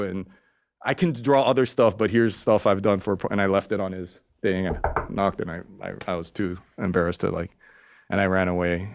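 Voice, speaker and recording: Gravelly low-voiced rambling man. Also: no room sound, clean studio sound. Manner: rambling, profane, acts out quotes in raised voice. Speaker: podcast guest. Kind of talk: casual storytelling interview.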